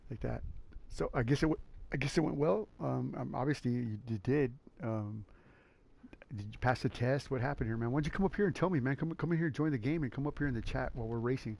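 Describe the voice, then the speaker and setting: A man hosting a sim racing league stream, chatting casually and excitably in a rambling way, calling everyone man and dude. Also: medium pitch, fast talker, vocal fry. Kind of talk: casual live-stream race commentary.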